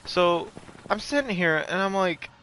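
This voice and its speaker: A man's voice: sits high, animated, a little slow, sharp tone, slight background noise. A man telling a rambling, profane story in a casual way, with lots of fillers. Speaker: streamer.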